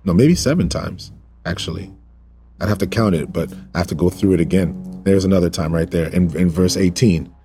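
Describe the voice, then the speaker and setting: A man's voice: low voice, fairly quick. A man teaching a Bible passage in an informal sermon, repeating words for emphasis and joking with his listeners. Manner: repetitive, emphatic, jokes and asides to viewers. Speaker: preacher teaching a Bible study.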